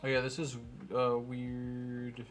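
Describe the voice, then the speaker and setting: A man's voice: medium pitch, completely flat delivery, slow, soft background music. A man streaming while he programs, muttering to himself, scolding his code and turning to joke with his viewers. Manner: self-mocking, laughs with viewers. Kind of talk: casual chat while programming.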